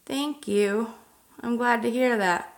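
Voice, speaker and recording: A woman's voice: a little high, slow pace, echoey room. A woman in her thirties hosting a paranormal livestream outdoors at night, chatting loosely with viewers and swearing freely. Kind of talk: casual livestream chat.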